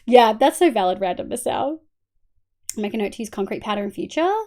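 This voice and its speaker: An Australian woman streaming a game, chatting casually with viewers, swearing and thanking them by name, sometimes mumbling quietly and sometimes bursting out loud. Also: a little high, animated, fairly quick. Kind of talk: casual live-stream chat while gaming.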